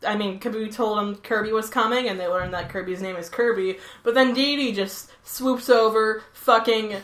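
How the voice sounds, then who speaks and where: A woman co-hosting a casual chat, blunt and quick to swear. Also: medium pitch, a bit bright. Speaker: podcast co-host. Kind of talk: casual chat recapping a cartoon episode. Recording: echoey room.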